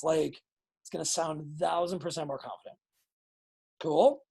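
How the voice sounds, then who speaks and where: A woman with a low, gravelly, husky voice coaches pro wrestling students in a live online session over video call. She talks at a moderate pace with frequent pauses, staying blunt and excitable and cursing freely.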